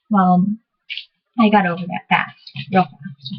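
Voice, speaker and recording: A woman's voice: on the low side, little pitch movement, slow, muffled recording. A woman explaining spiritual practices to her viewers in a casual, rambling way, full of fillers and self-corrections. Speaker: vlogger teaching divination. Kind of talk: casual explanatory talk to camera.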